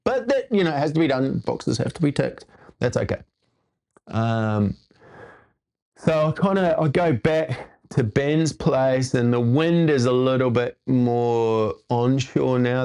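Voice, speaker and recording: A man's voice: medium pitch, a little mellow, clean tone. A man hosting his own show, telling a personal story in a casual, rambling way with laid-back surfer slang. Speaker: host.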